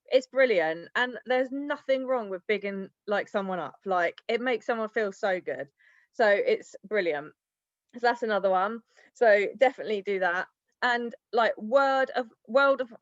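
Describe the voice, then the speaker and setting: A woman's voice: mid-range voice, dry recording. A woman sharing sales tips on a team video call, chatty and rambling, laughing often. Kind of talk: casual team-call talk. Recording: dry, dull lo-fi call audio.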